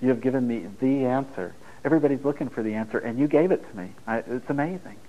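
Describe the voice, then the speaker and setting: A middle-aged spiritual teacher with a mid-range voice talks at a quick pace in an informal spiritual talk to a live audience. He rambles and jokes, often laughing at his own lines. The audio is narrow and tinny.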